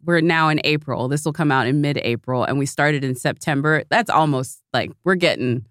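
A woman with a lowish voice co-hosts a studio podcast, animated and emphatic in her speech. She laughs easily, and the sound is dry and close. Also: moderate pace, no echo. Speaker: podcast co-host. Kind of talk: casual podcast chat.

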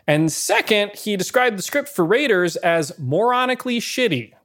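A man co-hosting a podcast, telling film-history stories in a lively way with asides and chuckles. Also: high-pitched, normal speed. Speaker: podcast co-host. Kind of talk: casual film-history chat.

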